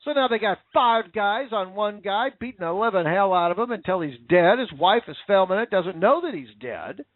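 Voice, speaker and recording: This angry political monologue comes from a commentator whose voice sits high and sounds animated. He talks at a normal speed with hardly any pauses, swearing and sarcastic throughout, and the audio has no echo but a tinny, phone-like quality.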